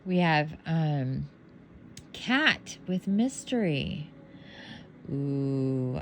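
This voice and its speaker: Sleepy, slow-talking woman. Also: on the low side, slight background noise. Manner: relaxed, drowsy, trailing off. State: sleepy, yawning. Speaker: tarot deck reviewer. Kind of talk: casual unboxing commentary.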